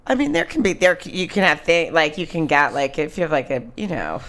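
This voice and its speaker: A woman in a casual comic chat, talking frankly and rambling a little, quick to laugh. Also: deep voice, sing-song, a bit bright.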